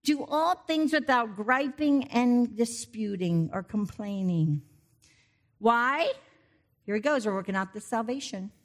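A middle-aged woman giving a conversational sermon, breaking off into animated asides and personal stories before returning to the text. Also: on the high side, measured pace. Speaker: preacher.

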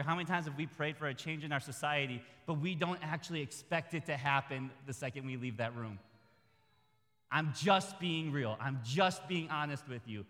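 A man preaching a sermon in a conversational, humorous way that builds to loud, high peaks. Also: in a large hall.

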